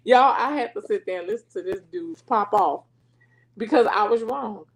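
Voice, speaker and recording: Middle-aged woman, faith show host, chatty and animated storytelling, laughs a lot. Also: a little high, moderate pace, rough recording. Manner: animated, laughing, slips into dialect and quoted voices. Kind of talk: casual storytelling to listeners.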